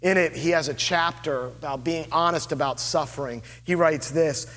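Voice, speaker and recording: A man preaching a sermon as lead pastor, earnest and deliberate, with dramatic pauses. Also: fairly high pitch, fairly bright tone, in a large hall. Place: church sanctuary.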